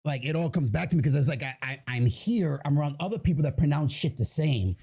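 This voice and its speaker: A man from New York co-hosting a podcast, explaining things in relaxed, casual chat. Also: on the high side, fast, husky. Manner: relaxed, explains with "you know what I'm saying". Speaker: podcast co-host.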